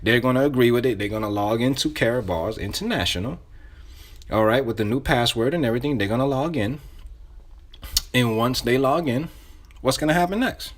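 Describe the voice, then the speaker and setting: Here a medium-pitched man talks a little fast as a sales trainer giving casual instruction. He demonstrates sample phone calls in loose, conversational language, often restarting and repeating himself.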